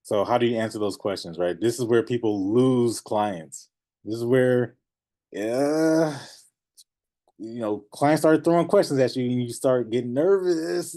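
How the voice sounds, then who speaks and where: Guy coaching notaries, mellow voice, animated, laughs a lot. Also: medium pitch, measured pace. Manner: animated, acts out client voices, laughs often. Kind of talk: teaching class, casual talk.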